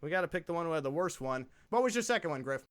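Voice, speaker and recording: Lively, laughing podcast host. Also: medium pitch, rapid-fire. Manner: laughs often, lively and upbeat. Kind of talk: casual comedy podcast hosting.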